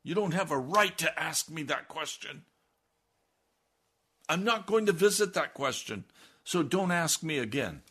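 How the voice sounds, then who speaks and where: A high, shrill, indignant older churchwoman bristles defensively, as a male preacher puts her on. She protests loudly and insistently, her voice pitched well above a man's. She sounds bitter and offended. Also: animated, unhurried, pauses often, slightly rough, full character voice.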